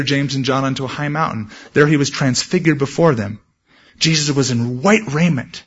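Male pastor, fairly high voice, animated sermon delivery, dull lo-fi recording. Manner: animated storytelling, shouts acted quotes. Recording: dull lo-fi sound.

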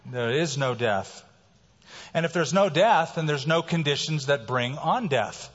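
A man preaching a sermon in a slightly higher voice, moving between hushed, slowed lines and sudden loud bursts of emphasis. The sound is a bit dull, and his voice trails off in a long reverb, like a church sanctuary. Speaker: pastor.

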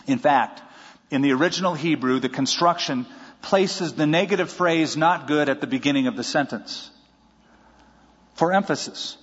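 A pastor delivers his sermon in a fairly high, husky voice, and he tells it in a lively way with a good deal of humor. The recording sounds dull and muffled, and a long reverb rings around him as if he stands in a large hall. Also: normal speed. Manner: lively storytelling with jokes.

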